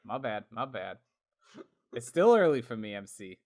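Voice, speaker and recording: A man co-hosting a podcast in casual chat, talkative and quick to laugh, with plenty of fillers. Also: mid-range voice, sing-song, darkish tone. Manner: chatty, laughs often, lots of fillers. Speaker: podcast co-host.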